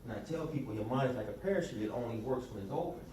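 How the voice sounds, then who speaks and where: A man leading a small sales workshop, telling animated stories and acting out quotes in a sarcastic, lively way. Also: very fast. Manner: lively storyteller, acts out quotes in high voices, sarcastic. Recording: echoey room from far off, clear background noise.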